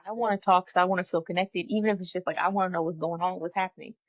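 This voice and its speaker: Woman, podcast co-host, animated storyteller, lowish voice, dry dull recording. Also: racing, no room sound. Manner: animated storyteller, acts out quoted dialogue. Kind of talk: casual podcast conversation.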